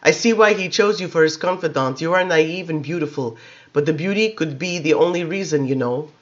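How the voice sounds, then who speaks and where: A man reading aloud, voicing an ancient male vampire in a young boy's form who speaks slowly, gently and with contempt. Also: fairly high pitch, lo-fi sound, close to an everyday voice. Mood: contemptuous.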